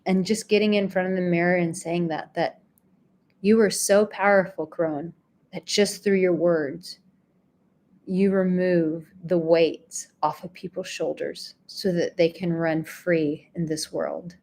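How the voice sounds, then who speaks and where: A woman hosting a live stream, reading out viewers' comments and thanking them in a gentle, effusive way. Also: on the low side, fairly even intonation, unhurried. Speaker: livestream host and relationship coach.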